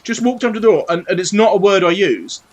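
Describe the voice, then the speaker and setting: On a poorly recorded live stream, a British livestreamer in his thirties paints models at his home desk. His high voice moves quickly with lively intonation as he chats cheekily and swears in a playful way.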